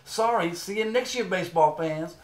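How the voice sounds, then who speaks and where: A man's voice: sits high, moderate pace, reverberant, noisy background. A man co-anchoring a comedy news spoof, rattling off jargon with pompous confidence. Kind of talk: mock political commentary.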